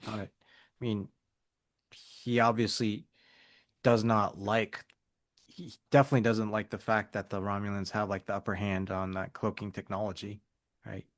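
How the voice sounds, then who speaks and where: A man's voice: lowish voice, flat delivery, moderate pace, long pauses, dry recording, clean studio sound. A man co-hosting a podcast in casual chat. He is easygoing and agreeable, filling his talk with "um" and "like.". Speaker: podcast co-host.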